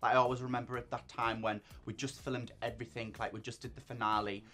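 A man's voice: mid-range voice, little pitch movement, fast, bright, forceful tone, faint music behind. A man who performs in drag, chatting casually as an interview guest, bubbly and often laughing. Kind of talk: casual chat.

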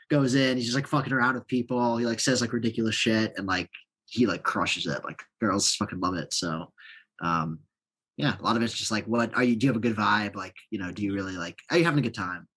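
A man in his thirties, a guest on a podcast, talking in a relaxed, rambling way with many filler words. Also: medium pitch, a little fast, husky. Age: 30s. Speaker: coaching client and guest. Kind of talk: casual podcast interview.

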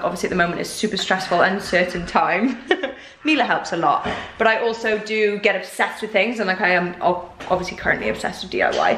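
A woman's voice: medium pitch, fairly bright tone. A young woman from the UK chatting casually as a vlogger, bubbly and chatty. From United Kingdom. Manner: bubbly and chatty, breaks into laughter. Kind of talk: casual chat. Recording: echoey room with faint noise.

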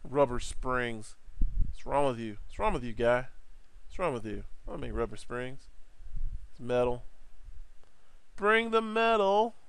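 A man giving a casual 3D art software tutorial, playful and rambling, with jokey asides. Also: mid-range voice, normal speed, gravelly, pauses often.

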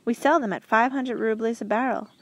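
A woman's voice: a little high, brisk, dry recording. A woman voicing a proud male prison warden in an audiobook, explaining things in a matter-of-fact way. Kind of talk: audiobook character reading.

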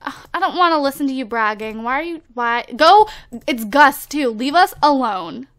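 A woman's voice: sits high, lively intonation, moderate pace, fairly bright tone. A woman hosting a casual let's-play, chatting to her viewers and teasing the game characters, with lots of filler words. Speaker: gameplay video host.

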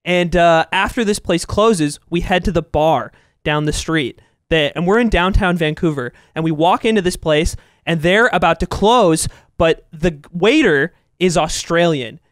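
A young man co-hosting a podcast, telling a long story in animated casual chat, swearing and laughing as he goes. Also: fairly high pitch, a little slow, dry recording, clean studio sound. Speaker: podcast co-host.

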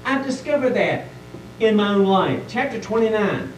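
Man preaching with a hush-and-swell delivery. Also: sits high, lively intonation, moderate pace. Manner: dramatic swings between a full voice and hushed, near-whispered lines. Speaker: pastor. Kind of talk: sermon. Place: church sanctuary. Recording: echoey church audio taped from a distance, faint hum.

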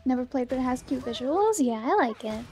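A woman streaming a game and chatting casually with her viewers, bubbly and greeting them by name, with a slightly hoarse morning voice. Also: high-pitched, expressive, fairly quick, darkish tone, faint music behind. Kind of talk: casual livestream chat.

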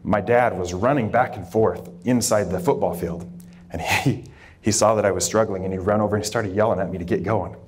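Low-voiced man giving a candid talk. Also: a little fast, a little hiss or hum. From Idaho, USA. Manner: candid and reflective, with frequent fillers and restarts. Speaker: dermatologist speaking to students. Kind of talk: informal talk to a student group.

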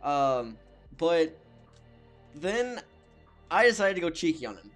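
A man with a fairly high voice talks casually over a video game, teasing and sarcastic, breaking into laughter at his own jokes. Soft music plays quietly in the background. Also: sing-song, slow pace. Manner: joking, sarcastic, often cracks up laughing. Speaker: gaming channel host. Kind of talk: casual gameplay commentary.

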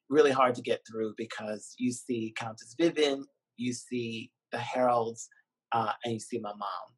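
A man, a filmmaker and dean, speaking on a video call in a reflective, emotional way with frequent pauses and soft laughs. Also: medium pitch, low-quality recording. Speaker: documentary filmmaker and university dean. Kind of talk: virtual interview conversation.

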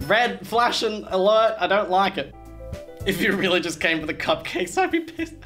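Lively sarcastic young man gaming. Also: sits high, normal speed, soft background music. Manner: animated, sarcastic, slangy reactions; laughs often. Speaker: gaming streamer. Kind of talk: let's play commentary.

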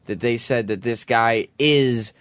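A man who is a regular on a radio talk show, explaining calmly with small nervous laughs. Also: medium pitch, slow pace, clear, resonant tone, no room sound. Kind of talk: casual radio banter.

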